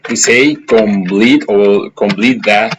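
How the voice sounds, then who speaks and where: Slow, halting man with many fillers. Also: on the low side, fairly even intonation, background noise. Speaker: instructor. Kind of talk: screen-recorded software tutorial.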